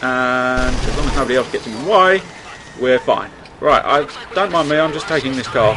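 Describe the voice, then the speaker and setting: A man's voice: medium pitch, normal speed, noisy background. A man commenting on his gameplay in a chatty, wry way, swearing often. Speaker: let's play host. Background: game sounds and music.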